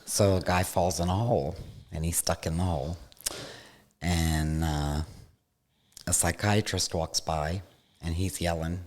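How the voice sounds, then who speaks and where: A man hosting a casual talk, relaxed as he tells a story. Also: sits low, measured pace, pauses often. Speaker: podcast host. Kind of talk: casual conversation, joke telling.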